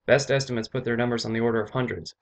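A man's voice: mid-range voice, fairly even intonation, racing, natural voice. A man voicing an anxious young sentry reporting to his lord in an urgent, raised voice.

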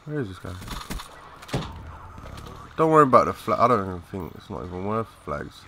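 A young man giving live, excitable commentary over a shooter game, swearing and chatting in slang. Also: low voice, normal speed, gravelly, slight background noise. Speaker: gaming commentator.

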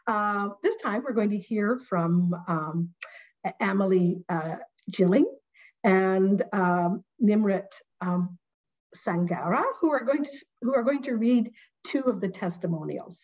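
A woman moderating an online panel, thanking speakers and introducing the next ones in warm, unhurried words. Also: medium pitch, lo-fi sound. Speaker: event moderator.

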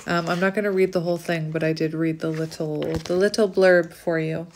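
A woman doing a casual oracle card reading, gushing softly over cards and reading their text aloud. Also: sits low, steady tone, fairly quick, slight background noise. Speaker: tarot reader.

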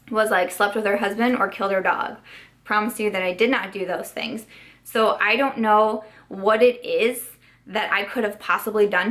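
A woman's voice: mid-range voice, fairly bright tone. A young woman chatting at home while doing her makeup, retelling a falling-out in an exasperated, chatty way full of "like"s. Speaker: beauty vlogger. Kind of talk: get-ready-with-me storytime.

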